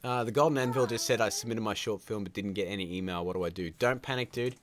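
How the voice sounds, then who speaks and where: This is a man with a very low voice hosting a casual live stream from home. He rambles through blunt, opinionated takes, cutting himself off and circling back as he goes. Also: fast talker, a little hiss or hum. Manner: rambling, opinionated, self-interrupting. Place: at home by a computer, child nearby.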